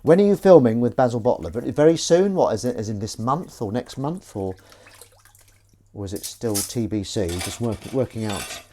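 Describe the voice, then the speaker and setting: A man's voice: mid-range voice, lively intonation, moderate pace, mellow, slight background noise. A man hosting a casual livestream, chatting and reading viewer comments while he washes dishes in his kitchen. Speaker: livestream host. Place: home kitchen at the sink. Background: clinking cutlery and running water.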